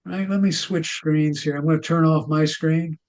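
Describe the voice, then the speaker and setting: Folksy high-voiced male tech instructor. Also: normal speed. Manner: relaxed and chuckling, folksy storyteller. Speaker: class instructor. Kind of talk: casual class Q&A and joke-telling.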